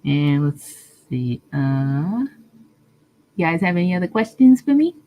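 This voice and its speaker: A woman's voice: sits low, sing-song, measured pace, highs cut off. A woman streamer chatting casually with her viewers, answering comments and laughing often. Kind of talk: casual live-stream chat.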